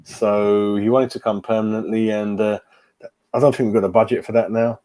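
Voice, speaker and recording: Warm and fairly low-pitched, this fan channel host in his 40s speaks at normal speed with a flat delivery. He chats casually on his football live stream, reading out viewers' comments and addressing everyone as mate.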